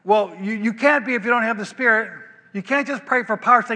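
A man's voice: sits high, quick pace, pushed and bright. An older man preaching a sermon as pastor, talking in a conversational way, repeating words and checking in with the listeners. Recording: long hall reverb.

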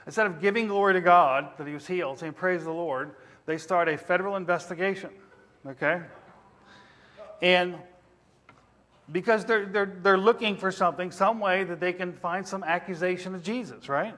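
A man's voice: high voice, moderate pace, pushed and bright. A man preaching a sermon, asking the congregation questions as he teaches. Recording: reverberant hall.

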